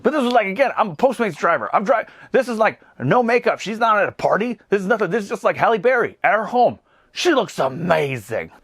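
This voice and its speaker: Rapid, bouncy man in his thirties, rambling comedic movie recap, dry close sound. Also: high-pitched, husky, dry recording. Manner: animated, rambling, laughs at his own jokes. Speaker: movie reviewer.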